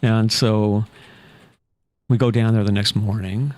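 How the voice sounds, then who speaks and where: A man telling a long personal story in a relaxed, anecdotal way, full of fillers. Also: lowish voice, slow. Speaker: podcast guest, author. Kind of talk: casual storytelling.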